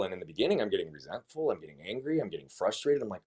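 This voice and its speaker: A man's voice: fairly low pitch, lively intonation, racing, few pauses, slightly rough. A man, a guest telling his story in an emphatic way, swearing at times and asking himself questions. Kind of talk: conversational storytelling.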